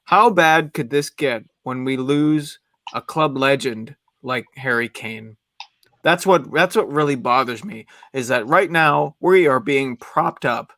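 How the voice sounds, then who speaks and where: Bright-voiced man ranting about his club. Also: mid-range voice, unhurried, no room sound, clean studio sound. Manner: emphatic, repeats words as he builds. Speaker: fan caller. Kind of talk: heated fan call-in rant.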